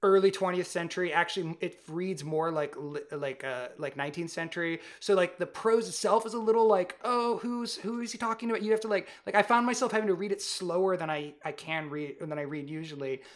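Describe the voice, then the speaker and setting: A podcast co-host talking in a loose, excited ramble, full of "like"s and self-corrections. The pitch sits in the middle range. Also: brisk, hardly any pauses. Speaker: parent. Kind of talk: casual chat.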